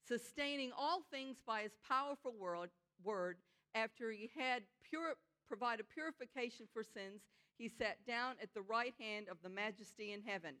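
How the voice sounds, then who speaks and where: A woman preaching a sermon in an earnest, conversational way, slowing down to stress her key points. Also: fairly high pitch, bright, forceful tone. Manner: conversational asides with frequent "you know".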